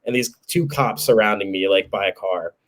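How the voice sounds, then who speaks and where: A man's voice: fairly low pitch, moderate pace. A man in his twenties from New Jersey, telling a joking, swear-laden anecdote as a podcast co-host. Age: 20s. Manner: animated, joking storyteller who swears casually.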